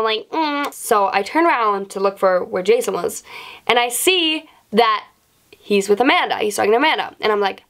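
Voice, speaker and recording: A young woman vlogger casually telling a personal story, swearing often and acting out quoted lines in a raised voice. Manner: animated, swears often, acts out quotes in a higher voice.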